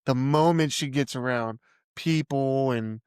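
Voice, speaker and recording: A man's voice: medium pitch, unhurried, darkish tone, clean tone, dry recording, clean studio sound. A man who is a podcast guest, talking casually and agreeing with short replies. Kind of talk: casual chat.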